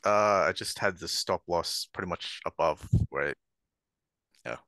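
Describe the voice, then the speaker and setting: A man's voice: sits low, unhurried, bright, forceful tone, no echo, studio quality. A man calling into a video session, asking a trading question in a rambling, unsure way. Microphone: video call.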